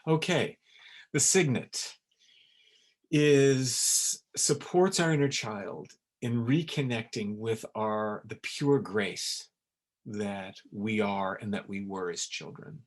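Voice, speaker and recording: A man's voice: fairly low pitch, takes it slowly. A middle-aged man giving a spoken webinar talk on emotional healing, earnest and emphatic, and he repeats words for stress. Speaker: essence maker giving a webinar.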